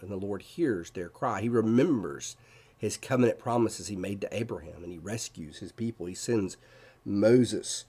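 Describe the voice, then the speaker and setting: A man's voice: on the low side, a little mellow, slightly rough. A man giving a devotional Bible teaching, explaining verses and asking his listeners questions.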